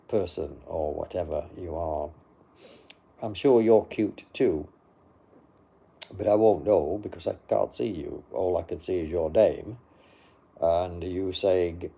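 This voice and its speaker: A man's voice: low voice, takes it slowly, vocal fry, pauses often, dark tone. An older man who chats in a casual, dry and rambling way as he answers live comments into a phone. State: sleepy, yawning. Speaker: livestream host.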